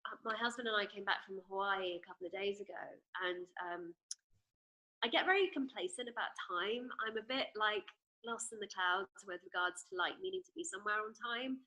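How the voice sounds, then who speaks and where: A woman coach talking as an interview guest, telling a story in an animated way and acting out her own dialogue. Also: mid-range voice, fairly quick, poor audio.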